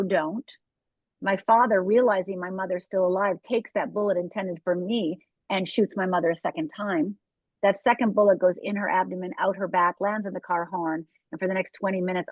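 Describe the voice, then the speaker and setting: A woman's voice: medium pitch, no echo. Candid woman coach on a tinny line. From Upper Michigan. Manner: candid, direct storytelling with audience asides. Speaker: life coach and author. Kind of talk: interview guest telling her story. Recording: tinny phone-like dry sound.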